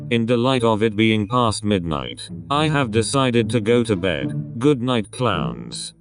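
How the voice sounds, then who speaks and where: A man casually reading out a fan-made group text chat in a deadpan way. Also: fairly low pitch, slow pace, hardly any pauses. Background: background music.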